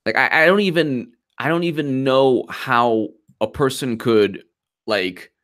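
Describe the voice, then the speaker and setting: A man hosting a live political commentary stream, talking fast and animated, repeating himself and mocking opponents. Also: medium pitch. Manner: animated, repetitive, mocking quoted voices.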